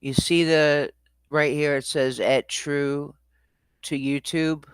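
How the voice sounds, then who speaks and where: Slow, deliberate man on a dry mic. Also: on the high side, flat delivery, clear, resonant tone, no echo. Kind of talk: casual commentary to viewers.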